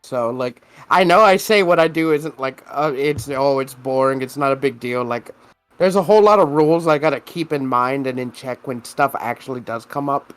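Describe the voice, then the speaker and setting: A man's voice: fairly high pitch, moderate pace, fairly bright tone, faint music behind. A man co-hosting a podcast in casual chat, telling long rambling stories with lots of swearing and fillers. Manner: rambling, profane storytelling full of fillers. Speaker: podcast co-host.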